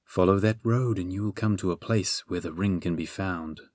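Crafty female sphinx, read by a male narrator, low, slow and stately, audiobook, dry read. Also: darkish tone, no room sound. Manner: slow, stately riddling speech. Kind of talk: audiobook character voice.

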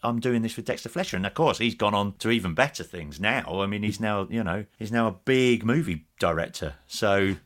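A man's voice: fairly low pitch, normal speed, few pauses. Chatty man telling old TV stories. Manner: chatty storyteller, animated when quoting others. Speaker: podcast guest, former TV games presenter. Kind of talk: casual anecdotal interview.

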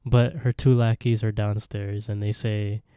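A man co-hosting a podcast, casually retelling a horror episode and acting out the characters' lines in quick voices. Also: on the low side, level tone, warm tone, smooth, no room sound, studio quality. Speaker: podcast co-host.

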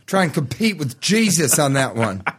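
A man's voice: on the high side, very animated, moderate pace, slightly rough. A man co-hosting a comedy podcast, rambling in a self-deprecating way and swearing freely in casual chat. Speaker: podcast co-host.

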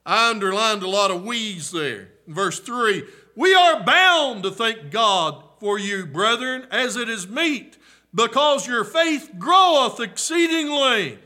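Male revival preacher, very high voice, unhurried delivery, shouts and hushes. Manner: swings from shouting to hushed, repeats "listen, friend"; old-fashioned revival preaching cadence. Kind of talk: sermon.

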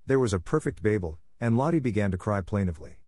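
A man narrating a classic story aloud in a steady, measured reading voice, recorded close. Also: on the low side, no room sound. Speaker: audiobook reader.

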